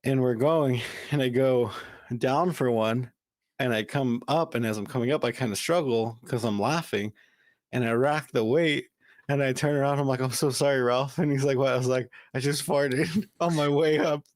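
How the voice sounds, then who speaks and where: A man's voice: mid-range voice, moderate pace, no echo. A young man co-hosting a casual podcast, telling long rambling stories with lots of fillers and laughing often. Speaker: podcast co-host. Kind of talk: casual chat.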